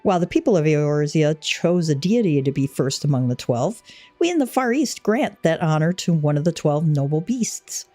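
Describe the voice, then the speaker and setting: A woman's voice: low voice, expressive, normal speed, mellow, dry recording, soft background music. A woman reading as a stately eastern envoy. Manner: stately, archaic, ceremonious phrasing. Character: pompous formal male envoy from the Far East. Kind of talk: read-aloud game dialogue.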